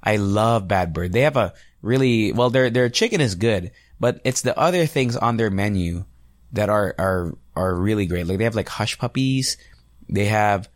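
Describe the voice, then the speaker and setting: A man's voice: lowish voice, lively intonation, normal speed, no echo, studio quality. A man, hosting a casual solo podcast, rambling and chatty and swearing freely. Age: 30s. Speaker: podcast host and radio DJ.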